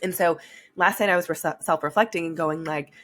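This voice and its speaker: Frank, animated young woman talking to listeners. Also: lowish voice, brisk, slight background noise. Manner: frank, animated, swears casually, addresses listeners as "you guys". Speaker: podcast host. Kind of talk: candid solo podcast talk.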